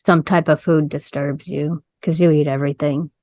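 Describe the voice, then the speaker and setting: A woman's voice: deep voice, steady tone, moderate pace, mellow, dry recording. A woman with a Southern US accent co-hosting a casual podcast, answering her friend with short, teasing quips. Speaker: podcast co-host. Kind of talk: casual chat.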